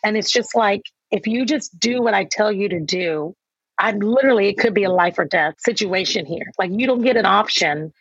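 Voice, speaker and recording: A woman author being interviewed about raising kids, telling lively stories and acting out the voices of herself and her children. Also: mid-range voice, moderate pace, husky, dry recording. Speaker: author and guest. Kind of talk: conversational interview. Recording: dull, dry sound.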